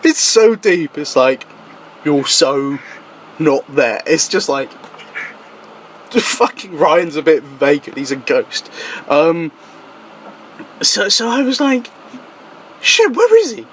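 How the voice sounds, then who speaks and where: Animated young man telling a story. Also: slow pace, long pauses, a little hiss or hum. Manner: animated, swearing, laughing, voice jumps high when quoting himself. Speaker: guest. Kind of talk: casual storytelling chat.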